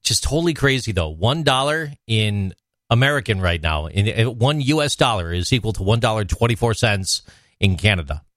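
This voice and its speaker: A man co-hosting a casual podcast, telling an everyday story in an easygoing, relaxed way. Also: lowish voice, moderate pace, dry recording, clean studio sound. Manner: easygoing, relaxed storytelling, reads news aloud. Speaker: podcast co-host.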